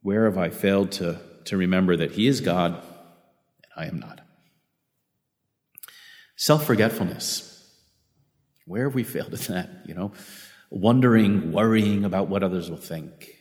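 Male preacher, low voice, earnest sermon delivery with frequent restarts, long church reverb. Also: a little slow, pauses often. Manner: earnest, self-correcting with repeated restarts.

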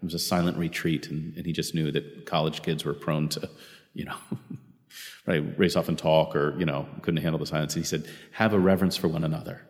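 Deep-voiced man preaching in a reverberant hall. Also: level tone, a little fast. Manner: earnest, self-correcting with repeated restarts. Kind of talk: sermon.

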